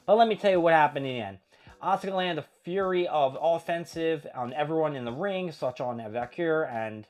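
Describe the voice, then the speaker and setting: A man hosting a casual wrestling recap, blunt and profane, giving strong opinions and paraphrasing what wrestlers said. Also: fairly high pitch. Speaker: podcast host recapping wrestling.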